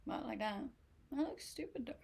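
A woman's voice: on the high side, moderate pace, creaky, darkish tone, husky. A young woman streamer from Denmark chatting casually and answering viewers' questions aloud. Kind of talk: casual chat reading viewer comments.

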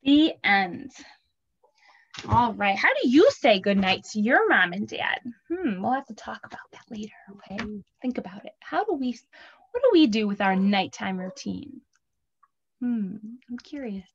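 This preschool teacher, a woman in her thirties, has a mid-range voice and talks a little slowly as she sings simple songs and gently, expressively reads a picture book to children. The lo-fi recording is dull and carries a faint hiss or hum.

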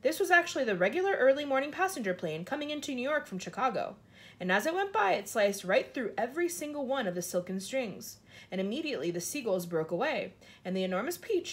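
A woman with a slightly husky, fairly high voice reads a children's story aloud. Her delivery is dramatic and expressive. Her pitch rises and falls in wide, lively swings. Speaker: storybook reader. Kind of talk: children's book read aloud.

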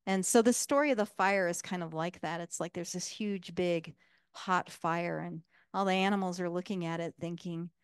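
A woman's voice: on the low side, steady tone, moderate pace, clean tone, dry recording, clean studio sound. A woman giving a casual public talk as guest speaker, enthusiastic and full of fillers.

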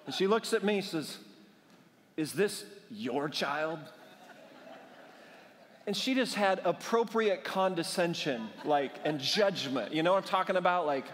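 A man's voice: high-pitched, moderate pace, few pauses. Guy pastor preaching, funny storyteller, gets fired up, big echoey church. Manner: humorous, animated storytelling that builds to fervent exhortation. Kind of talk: sermon with personal storytelling. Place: church sanctuary. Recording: long church hall reverb.

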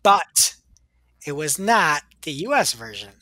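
A woman podcast host tells stories with playful, teasing banter. Her voice is low and swings widely in pitch. The sound is dry and close. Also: very animated, slow, sharp tone, no room sound. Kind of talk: casual banter.

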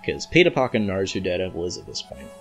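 A man's voice: sits low, big pitch swings, quick pace, vocal fry, soft background music. An Australian-accented man hosting a podcast, recapping a comic book in a rambling way with joking asides. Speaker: podcast host.

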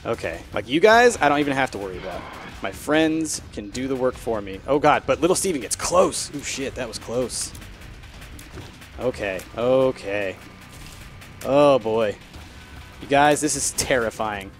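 A man giving live commentary over his own gameplay, chatty and prone to swearing, shifting from hushed focus to loud frustration. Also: medium pitch, lively intonation, unhurried, faint music behind.

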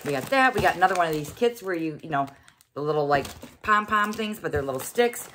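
A middle-aged woman chats her way through an unboxing review, exclaiming and thinking aloud as she goes. Her voice sits a little low for a woman. A faint noise hangs under the recording. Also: animated, fast talker, fairly bright tone. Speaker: host. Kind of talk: casual unboxing review vlog.

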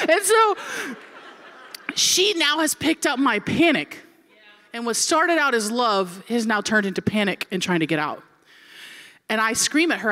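A woman's voice: fairly high pitch, moderate pace, in a large hall. A woman in her forties preaching a sermon, telling a comic story and acting out scenes. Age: 40s. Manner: animated and comedic, acting out scenes. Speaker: pastor.

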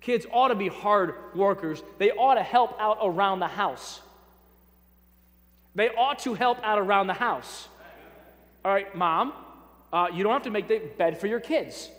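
A man's voice: high-pitched, measured pace, pauses often, fairly bright tone. A male pastor preaching a sermon, emphatic, repeating key phrases and speaking directly to his congregation with light humor. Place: church sanctuary. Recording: reverberant church hall.

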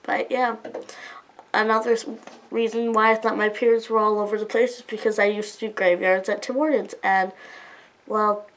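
The audio is poor in this personal vlog, where a twenty-year-old woman at home talks with apology and hesitation, emotional and almost crying. Her mid-range voice barely shifts in pitch and moves fairly quickly.

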